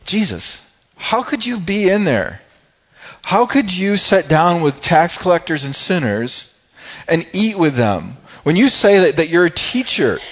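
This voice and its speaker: A preacher putting on indignant scolding elders. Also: male voice, on the high side, animated, moderate pace, voice pushed up. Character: indignant scolding religious leaders. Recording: dull lo-fi sound.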